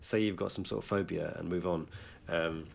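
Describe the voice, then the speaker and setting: A man's voice: sits low, steady tone, moderate pace, gravelly, darkish tone. A young man co-hosting a podcast, telling rambling, self-mocking stories in casual chat with lots of restarts. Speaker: podcast co-host.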